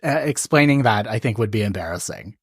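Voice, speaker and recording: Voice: medium pitch, lively intonation, a little fast, breathy edge, no room sound, studio quality. Hesitant, giggly podcast host. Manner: hesitant, laughs often. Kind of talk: casual chat.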